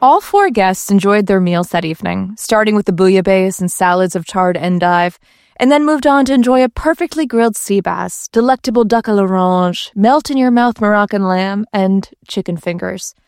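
A woman's voice: mid-range voice, lively intonation, moderate pace, darkish tone, clear, resonant tone, no echo, clean studio sound. A woman reading a comic parody story aloud with playful, wry asides. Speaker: narrator.

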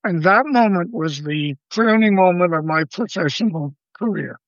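An older man, a guest astronomer, telling a story in an interview in a measured, vivid way and quoting the people involved. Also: sits high, lively intonation, no echo. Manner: measured, vivid storyteller who quotes others. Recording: dull lo-fi dry sound.

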